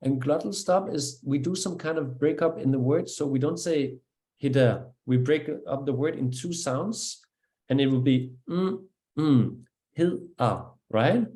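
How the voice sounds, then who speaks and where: A man with a Danish accent, a native Danish speaker, teaching pronunciation one-on-one, patient and encouraging as he slowly demonstrates each sound. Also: a little high, mellow. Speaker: language teacher.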